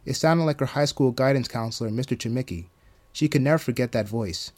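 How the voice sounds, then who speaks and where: Calm male horror story narrator. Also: medium pitch, brisk.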